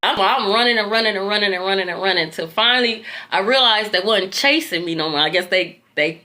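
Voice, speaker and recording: A woman, telling viewers a long dream story in a loose, animated way, swearing freely and talking straight to them. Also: medium pitch, brisk, few pauses. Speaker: tarot reader recounting a dream.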